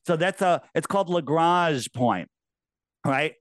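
A man chatting as a podcast guest over a video call, animated and mocking, laughing often. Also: fairly high pitch, unhurried, dry recording, clean studio sound. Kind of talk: casual podcast chat.

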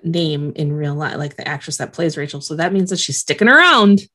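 A woman's voice: low-pitched, lively intonation, fairly quick, bright, forceful tone. A woman co-hosting a podcast, joking and teasing in casual chat. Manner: wry, teasing banter. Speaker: podcast co-host.

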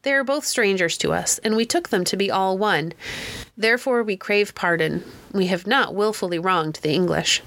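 Woman voicing wily male envoy, grave, formal, measured, read-aloud history. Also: medium pitch, fairly bright tone, no room sound, natural voice. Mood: evasive. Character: grave, majestic, wily male tribal ambassador.

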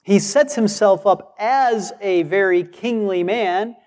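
Male preacher, unhurried and emphatic, lingering reverb of a large hall. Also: high voice, a little mellow. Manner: emphatic, acts out quoted replies. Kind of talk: sermon.

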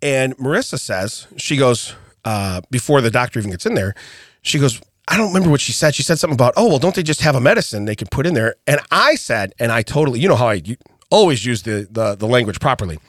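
Middle-aged male podcast co-host, lively pitch, chuckling raconteur, dry booth sound. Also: quick pace, dry recording. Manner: animated storyteller, laughs often, acts out quotes. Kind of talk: casual storytelling chat.

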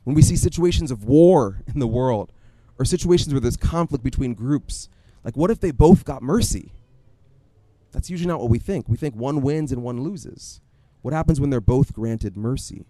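A man preaching a sermon in a conversational, animated storytelling way, often acting out his own asides. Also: mid-range voice, moderate pace, no room sound. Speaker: pastor.

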